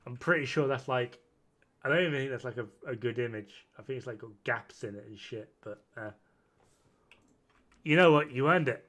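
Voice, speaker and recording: This is casual stream chat from a British man at home with his camera off, his medium-pitched voice a bit bright and moderately paced. Tipsy from whiskey, he swears, gets rowdy and mocks himself.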